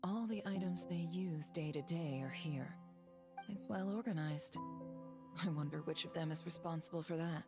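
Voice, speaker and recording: Calm game heroine, female, soft and low, over game music. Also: moderate pace. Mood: musing. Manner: soft, calm, musing to herself. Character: calm curious woman companion, gentle. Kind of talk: game voice acting.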